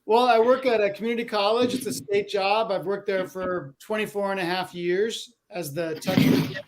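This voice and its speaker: A man's voice: high-pitched, steady tone, moderate pace, slight background noise, low-quality recording. A man chatting casually as a panel guest, friendly and brief. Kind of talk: casual chat.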